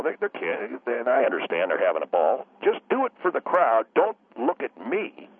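A man plays a touchy middle-aged high school coach on a comedy radio bit. He rants with a gravelly, husky voice that swings up and down, heard over a tinny phone-like line. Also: no echo. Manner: ranting, indignant, easily offended. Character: aggrieved veteran high school football coach.

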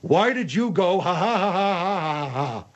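A man's voice: high-pitched, expressive, lo-fi sound, voice pushed up. A man voicing a hot-tempered, blustering man called the General. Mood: angry. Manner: blustering, quick to anger.

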